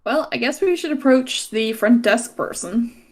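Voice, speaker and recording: A woman's voice: fairly high pitch, lively intonation, unhurried. A woman playing in a tabletop game, a little hesitant and self-deprecating. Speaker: player.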